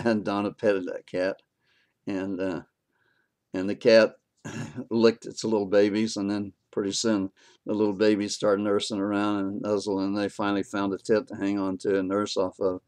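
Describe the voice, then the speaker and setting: A man's voice: lowish voice, level tone, normal speed, darkish tone, smooth. An older man casually telling a personal story in a folksy way, with frequent fillers and chuckles along the way.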